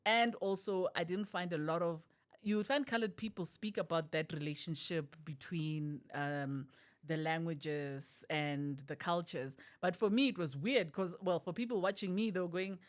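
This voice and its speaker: Middle-aged South African woman, comedian guest; expressive, laughs often, slips into voices. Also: lowish voice, normal speed. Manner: animated, laughs often, switches voices for quotes. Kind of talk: podcast interview.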